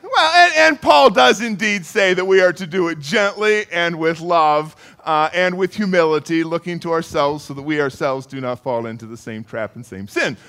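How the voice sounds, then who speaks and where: Lively, high-voiced male preacher. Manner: conversational, repeats words, calls on listeners by name. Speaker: pastor. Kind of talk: sermon.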